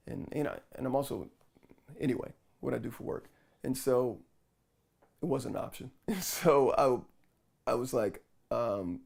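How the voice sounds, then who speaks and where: A man's voice: mid-range voice, gravelly. A man vlogging, casually retelling a frustrating story with lots of quoted back-and-forth. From New York. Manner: animated retelling with quoted dialogue.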